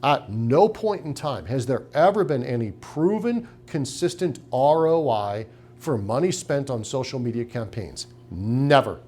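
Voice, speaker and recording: A man's voice: mid-range voice, very animated, a little slow, hardly any pauses, a little mellow. A middle-aged man giving a business training talk to clinic owners, emphatic and punchy, with rhetorical questions. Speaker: practice consultant.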